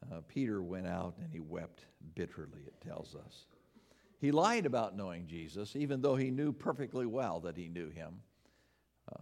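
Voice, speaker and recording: Male pastor, sermon delivery, lively and expressive pitch, earnest, reverberant sanctuary sound. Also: gravelly. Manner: earnest, emphatic preaching, rising for questions and dropping low to stress a point. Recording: long hall reverb.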